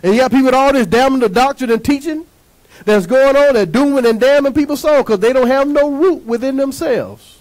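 A male pastor with a strikingly high voice preaches with fervor, firing questions at the congregation and waiting for them to answer. His delivery is emphatic, rhythmic and full of call-and-response. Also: fairly quick, darkish tone, rough recording. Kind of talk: sermon.

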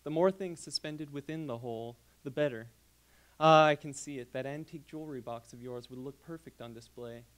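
A young adult man reading his short story aloud at a graduate reading, delivered as a persuasive second-person sales pitch. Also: a little fast, low-quality recording.

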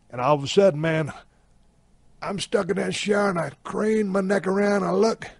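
A man hosting a podcast and telling a comic story in a profane, deadpan way. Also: high-pitched, normal speed, vocal fry, breathy edge, no room sound. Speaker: podcast host.

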